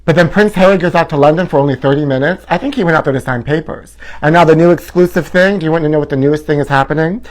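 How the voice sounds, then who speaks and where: A man's voice: a little high, fast, few pauses. A man hosting a comedy show, delivering a campy, sassy and theatrical tabloid gossip monologue.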